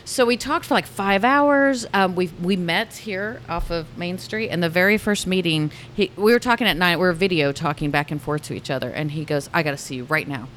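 Lively woman telling a dating story. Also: lowish voice, fairly quick, hardly any pauses, a little hiss or hum. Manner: animated storytelling, acts out both sides of conversations. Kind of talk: casual chat.

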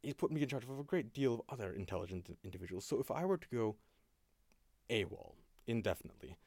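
A man's voice: on the low side, expressive, quick pace, a little mellow, dry recording. A man voicing a secretive, sardonic male spymaster who talks in dry, long-winded warnings. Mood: explaining.

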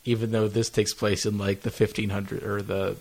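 A man's voice: lowish voice, little pitch movement, moderate pace, creaky, a little mellow. A man co-hosting a casual podcast chat, enthusiastic and jokey, sometimes stammering as he starts a thought. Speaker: podcast co-host.

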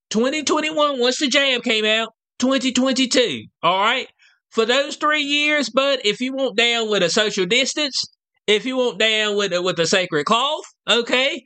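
A man's voice: very high-pitched, measured pace, pushed and bright, smooth. A man giving a casual, slang-heavy commentary rant as a vlogger, full of rhetorical asides and check-ins with his viewers. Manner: slangy, rhetorical, keeps asking "you know what I'm saying".

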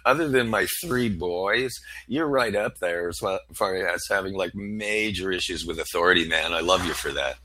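A man's voice: sits low, normal speed, hardly any pauses, pushed and bright, a little hiss or hum. A man co-hosting a radio talk show, chummy and laughing, with casual banter. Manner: chummy, laughing, calls others sir and man. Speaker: radio co-host.

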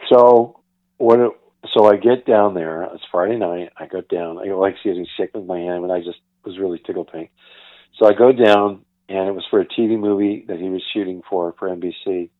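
An older man with a deep voice, a guest actor and producer, speaks fairly quickly while casually telling stories in an interview. He's an animated storyteller who acts out the people he quotes. The sound is dry and tinny, like a phone line, with no room sound.

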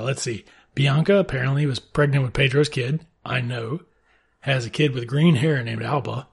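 A man's voice: medium pitch, vocal fry, husky. A man retelling a novel's plot in a casual, sarcastic and heavily profane way. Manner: sarcastic, swearing, offhand. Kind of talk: casual profane book recap.

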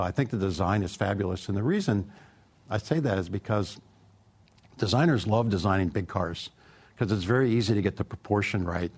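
A middle-aged man with a low, gravelly voice. He speaks as an automotive executive in an interview, easygoing and anecdotal, padding his answers with "uh" and "you know.". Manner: easygoing, anecdotal, many fillers.

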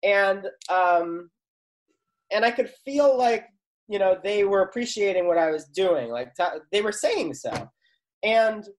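A man's voice: sits high, lively intonation, a little slow. Male talk show guest, casual storyteller, rambly, heavy on fillers. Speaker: guest, actor and comedy writer.

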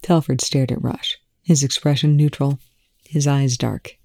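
A reader narrating a fan fiction story aloud in an even, measured manner. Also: medium pitch, creaky, no room sound, clean studio sound. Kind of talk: audiobook-style fan fiction reading.

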